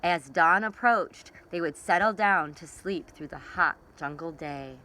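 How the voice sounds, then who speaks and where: A woman librarian reading a children's picture book aloud in an expressive storytelling way. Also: fairly low pitch, measured pace, poor audio.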